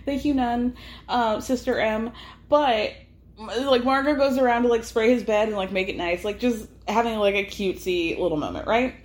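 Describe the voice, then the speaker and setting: A woman's voice: medium pitch, normal speed. A woman hosting a podcast, recapping a reality show in a chatty, laughing way full of "like" fillers. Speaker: podcast host. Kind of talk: casual recap chat. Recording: roomy echo.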